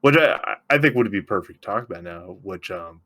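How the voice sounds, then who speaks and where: A man co-hosting a podcast, recapping a TV episode in casual, excitable chat, swearing freely. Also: low-pitched. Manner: excitable, swearing, recapping scenes with quick impressions. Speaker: podcast co-host.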